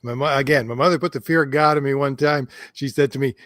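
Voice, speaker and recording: A man in casual podcast chat, relaxed and chuckling, trading quick stories. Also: mid-range voice, no room sound.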